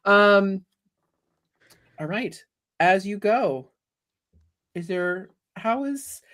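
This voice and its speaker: A woman's voice: medium pitch, animated, extremely slow, fairly bright tone. A woman narrating as game master of a tabletop game, speaking hesitantly with many fillers.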